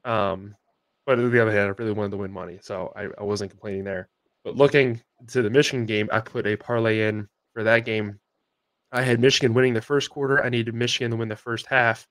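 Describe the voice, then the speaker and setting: A man's voice: on the low side, fairly even intonation, brisk, a bit bright, no room sound. A young man co-hosting a sports podcast, telling a long story in a casual, rambling way with many fillers and restarts. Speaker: podcast co-host.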